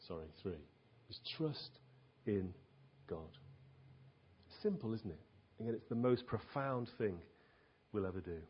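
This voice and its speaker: A man's voice: fairly low pitch, slightly rough. A man preaching a sermon in an earnest, emphatic way, asking his listeners rhetorical questions. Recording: dull lo-fi recording.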